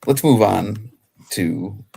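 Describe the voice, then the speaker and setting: Young dude on a betting show, deep gravelly voice, always cracking jokes. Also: male voice, lively intonation, warm tone. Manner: joking, quick and goofy asides. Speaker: regular panelist. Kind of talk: casual sports betting chat.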